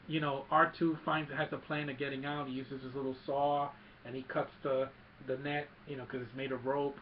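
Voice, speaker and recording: A man excitedly recapping a movie scene by scene, mixing in sound effects and quick character quotes. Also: medium pitch, highs cut off, a little hiss or hum. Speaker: movie reviewer.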